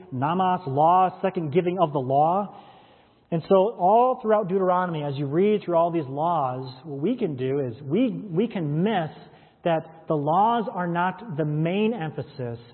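A pastor preaching a sermon, reading scripture verses aloud and explaining them with rhetorical questions. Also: male voice, a little high, breathy edge. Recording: echoey hall, tinny phone-like sound.

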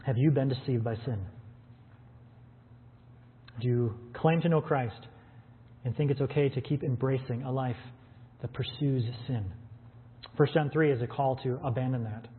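A man's voice: medium pitch, moderate pace, pauses often. A man preaching a sermon to his church, earnest and conversational, asking rhetorical questions. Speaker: pastor. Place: church with stream audience. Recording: phone-like sound with long hall reverb.

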